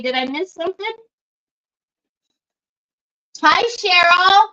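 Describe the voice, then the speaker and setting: A woman's voice: mid-range voice, slow pace, sharp tone. A middle-aged woman, chatting casually and greeting viewers by name while she crafts on a livestream. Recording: dull lo-fi livestream audio.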